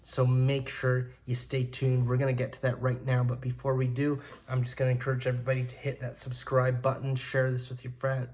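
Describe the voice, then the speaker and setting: A man hosting his own video channel, talking casually and earnestly to camera. He sounds excitable and often fills gaps with "uh" and "you know.". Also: medium pitch, fairly quick, few pauses. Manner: earnest, excitable, many fillers. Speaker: channel host.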